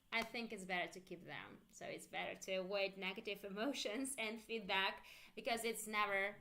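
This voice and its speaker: A woman with Russian as her first language teaching an online English lesson, explaining slowly with many fillers and drilling phrases for students to repeat. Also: fairly high pitch, sharp tone.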